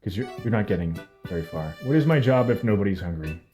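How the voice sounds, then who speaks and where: A man's voice: on the low side, lively intonation, fast, warm tone, faint music behind. A young man from Canada giving jokey, self-mocking live commentary while streaming a video game.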